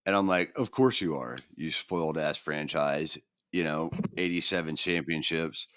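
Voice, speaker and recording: A middle-aged podcast co-host talks casually in a bass voice at a moderate pace, animatedly acting out the voices of people he quotes. The recording is clean studio sound with no room sound.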